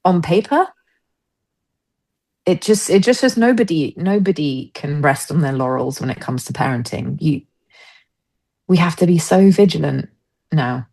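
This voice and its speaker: A woman's voice: low voice, unhurried, vocal fry, long pauses. A woman, a stage actress, chatting as a podcast guest and acting out other people's words as she tells stories. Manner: animated storyteller, acts out quoted voices. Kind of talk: casual interview chat.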